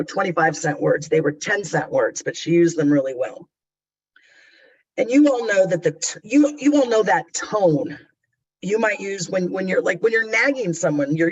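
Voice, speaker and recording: Man, middle-aged, high-pitched, conversational trainer, candid, slightly muffled audio. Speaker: customer service trainer. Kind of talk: webinar presentation.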